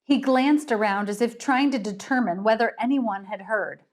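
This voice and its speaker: Woman author, friendly storytelling read-aloud with dramatic pauses, slightly high voice. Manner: encouraging, chatty, dramatic pauses in narration. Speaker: author reading her story.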